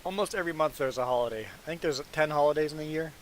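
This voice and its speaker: A man's voice: on the high side, fast talker, slight background noise, low-quality recording. A man from Canada chatting casually as a live streamer, telling rambling stories and chuckling often. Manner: relaxed, rambling storyteller who chuckles often. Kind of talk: casual chat while playing a game.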